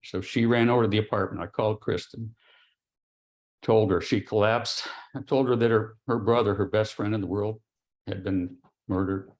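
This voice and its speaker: A middle-aged man, an interview guest, giving a grave personal account in a halting way, with pauses and restarts. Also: fairly low pitch, steady tone. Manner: quiet and grave. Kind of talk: personal testimony.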